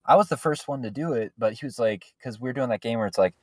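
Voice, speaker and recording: A man's voice: lowish voice, expressive, quick pace, hardly any pauses, a little mellow, dry recording. A man co-hosting a podcast, telling a rambling story in casual chat, full of fillers. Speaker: podcast co-host. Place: podcast studio.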